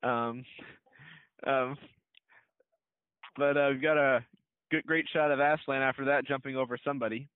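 A man talks loosely, filling his sentences with "uh" and "like" as he chats with a friend. His voice comes through a narrow, phone-like line in a dry, close room. His pitch sits in the middle for a man. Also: steady tone, normal speed, long pauses, clear, resonant tone, no room sound. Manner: rambling, with many fillers and laughs. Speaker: podcast co-host. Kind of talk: casual chat about a film trailer. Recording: dry, tinny phone-like sound.

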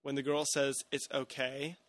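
A man's voice: medium pitch, flat delivery, normal speed, fairly bright tone, no echo. A man hosting a podcast, chatting casually about a film with many restarts and hedges. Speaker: podcast host.

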